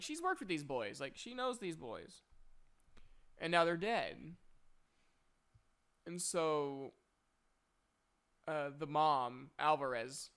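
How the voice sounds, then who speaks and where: A man's voice: on the high side, fairly bright tone, smooth. A young man in a casual spoiler review of a movie, retelling the plot in a rambling way with many filler words.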